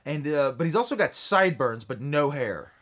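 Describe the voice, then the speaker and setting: A man's voice: a little high, animated, moderate pace, a bit bright. A man co-hosting a casual comedy chat, acting out characters with silly voices and swearing a lot. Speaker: co-host pitching a movie idea.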